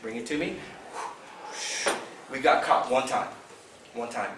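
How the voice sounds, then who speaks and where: A man casually telling a fishing tournament story to a club meeting, animated and laughing as he acts out the dialogue. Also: medium pitch, a little slow. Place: meeting room. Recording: echoey room from far off, background noise.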